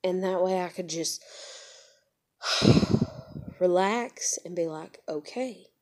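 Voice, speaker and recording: A woman's voice: lowish voice, fairly even intonation, normal speed, darkish tone. A young woman, rambling emotionally and swearing as she searches for words in a personal confession. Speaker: vlogger.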